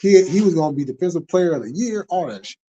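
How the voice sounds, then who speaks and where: A man in a heated, profane sports rant who laughs between complaints. His voice sits a little high and sounds warm and mellow. The recording is dull and lo-fi. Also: lively intonation, fast, husky. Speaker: host. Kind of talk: casual livestream sports talk.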